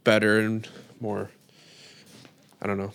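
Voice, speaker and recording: Rambling man with a smooth, dry voice. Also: on the low side, monotone, slow pace, a bit bright, no room sound. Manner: rambling, heavy use of "like". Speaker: podcast co-host. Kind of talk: casual chat.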